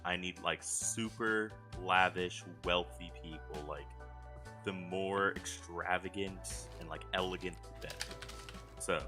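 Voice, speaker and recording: Very deep, soft-spoken man on a call. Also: fairly even intonation, takes it slowly, over music. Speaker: game master of one-shots. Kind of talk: casual chat in an online meeting. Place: online voice call.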